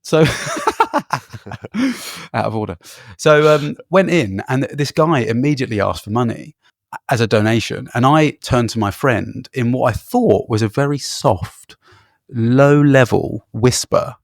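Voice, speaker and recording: A man's voice: medium pitch, expressive, measured pace, gravelly, no echo, clean studio sound. A man, co-host of a travel podcast, telling rambling travel anecdotes in casual chat with fillers and laughs.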